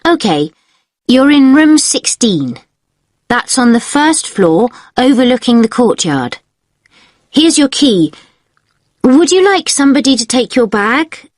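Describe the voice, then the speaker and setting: A woman's voice: sits high, sing-song, takes it slowly, long pauses, darkish tone, no room sound, clean studio sound, exaggerated voice. A woman playing a courteous hotel receptionist. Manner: polite, formal service tone. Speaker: hotel receptionist in a listening test dialogue. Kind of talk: scripted exam dialogue.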